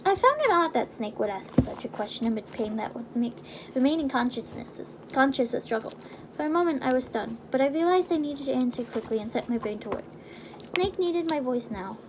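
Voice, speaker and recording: A woman reads a novel aloud in a high, bright register, casual and unpolished, tripping over words and restarting. A faint hiss of noise sits behind her voice. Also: lively intonation, a little fast. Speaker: reader. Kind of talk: reading a game novelization aloud.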